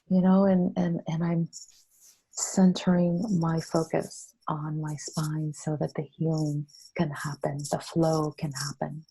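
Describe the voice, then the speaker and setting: A woman, an interview guest, gently talking through soothing self-compassion affirmations. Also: sits low, flat delivery, slightly rough, low-quality recording. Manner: soft, slow, soothing affirmations.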